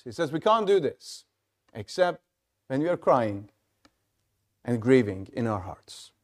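A male pastor preaching a sermon in a measured, halting delivery with frequent restarts. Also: medium pitch, very animated.

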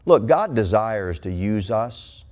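A man preaching a sermon as pastor, with emphatic swings in pitch and pace. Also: animated, slow pace, darkish tone.

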